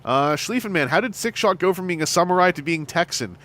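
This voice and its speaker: A Canadian man around forty chatting casually on a livestream, animated and laughing often. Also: sits high, a little fast. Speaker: streamer host and fan voice actor.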